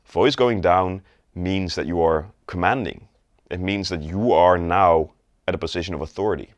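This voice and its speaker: Low-voiced man coaching sales. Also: moderate pace, no echo, highs cut off. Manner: demonstrates voice tones in examples. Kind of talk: instructional video talk.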